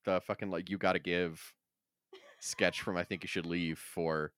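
A man's voice: low-pitched, level tone, normal speed, fairly bright tone, no echo, studio quality. A man co-hosting a podcast in casual chat, dropping short, wry one-liners. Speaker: podcast co-host.

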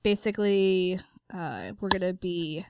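A woman's voice: on the low side, a little slow, creaky, background noise. A woman co-hosting a podcast, chatty and giggly with lots of fillers. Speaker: podcast co-host. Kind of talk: casual podcast chat.

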